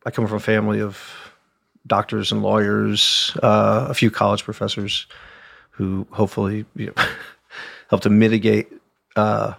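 A man's voice: on the low side, flat delivery, normal speed, vocal fry, a bit bright, no echo. A man from Oklahoma, a wine critic guest on an interview show, telling long, rambling stories full of asides. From Oklahoma, USA. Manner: rambling storyteller with many asides. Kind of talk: conversational interview.

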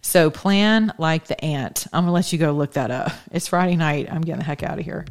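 A woman's voice: deep voice, a little fast. A woman hosting her show, giving an emphatic, folksy, preachy monologue. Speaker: show host. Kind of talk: impassioned casual monologue.

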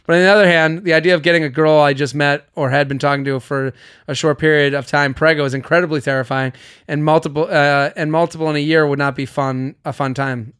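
A man's voice: a little high, fast, clean tone. A young man hosting a podcast, telling stories in a casual chat and acting out the people he quotes, swearing freely. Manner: animated storyteller, acts out quotes, swears freely. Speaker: podcast host.

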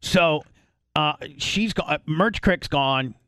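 A man hosting a podcast, telling a long rambling story in casual chat, swearing freely and clearing his throat often. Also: on the high side, slow pace, a bit bright, no room sound, clean studio sound. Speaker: podcast host.

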